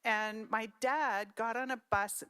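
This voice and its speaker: A woman's voice: on the high side, slow, clean tone. A middle-aged woman from Saskatchewan giving a conference talk, telling personal family stories and acting out her relatives' words. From Saskatchewan, Canada. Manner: storytelling, animated quoting of relatives. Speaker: conference speaker.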